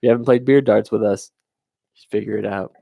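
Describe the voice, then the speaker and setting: A man's voice: fairly low pitch, steady tone, fast talker, gravelly, no echo, muffled recording. A man co-hosting a podcast, easygoing and agreeable while chatting about beer. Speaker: podcast co-host. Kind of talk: casual beer review chat.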